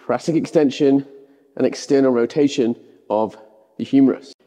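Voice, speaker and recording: A man's voice: medium pitch, moderate pace, mellow, big-room sound. A man coaching the overhead press, giving short firm cues as he demonstrates. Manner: instructive, cue-giving.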